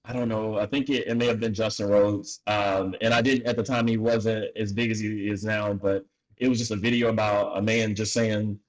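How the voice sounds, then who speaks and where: A man's voice: lowish voice, normal speed, rough recording. A man, a farmer and podcast guest from North Carolina, telling a story in a casual interview and acting out the dialogue. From North Carolina, USA. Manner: animated, acts out dialogue with laughs.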